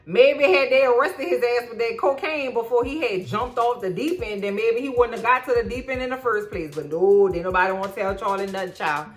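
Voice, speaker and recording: Sassy, slangy woman recapping a documentary. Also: a little high. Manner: sassy, slangy, profane, animated asides. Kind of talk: casual recap commentary.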